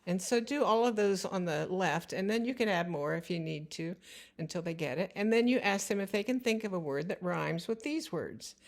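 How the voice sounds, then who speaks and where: A woman explains at an unhurried pace how to guide a child through word sounds. Her voice sits a little lower than most women's, and she breaks words into their separate sounds with patient clarity. Her narration is steady and instructional. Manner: slow, careful, spells out word sounds. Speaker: teacher.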